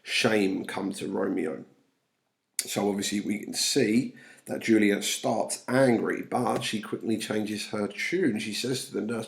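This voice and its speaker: A man's voice: lowish voice, steady tone, moderate pace, vocal fry. A man teaching a class, reading quoted verse aloud and then paraphrasing it in plain words. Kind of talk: explaining a play line by line.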